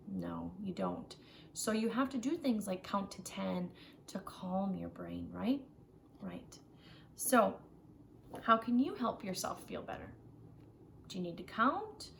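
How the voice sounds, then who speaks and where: A woman teaching a children's social skills group online, talking in a gentle, encouraging way and often checking in with "right?". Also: medium pitch, creaky, slight background noise. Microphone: home computer mic for a virtual class.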